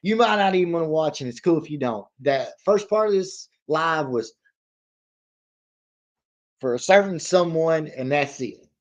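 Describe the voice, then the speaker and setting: A man's voice: on the high side, animated, moderate pace, long pauses. A man, chatting casually as a livestream host, rambling in a folksy way, laughing often and reading viewer comments aloud.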